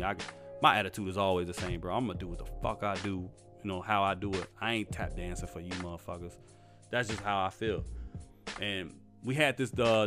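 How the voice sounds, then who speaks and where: Blunt, profane young man ranting. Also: sits low. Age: young adult. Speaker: vlogger. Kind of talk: casual storytelling rant.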